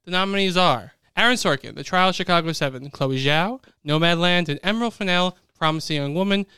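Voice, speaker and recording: Brief: quick, animated male podcast host with a crisp voice, recorded dry. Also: sits high, no room sound. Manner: fast, animated, announces nominees. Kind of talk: casual podcast chat.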